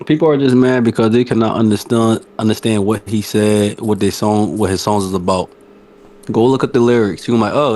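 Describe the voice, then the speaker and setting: A man's voice: fairly low pitch, darkish tone. A man from Philadelphia co-hosting a podcast, giving his opinions emphatically in slangy casual talk. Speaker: podcast co-host. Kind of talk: casual chat.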